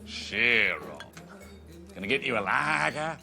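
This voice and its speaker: An actor playing a husband who puts on a loud, boastful Australian act full of slang in a sitcom. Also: male voice, medium pitch, big pitch swings, takes it slowly, vocal fry, soft background music, full character voice. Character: husband putting on a bad loudmouth Australian act. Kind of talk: sitcom acting.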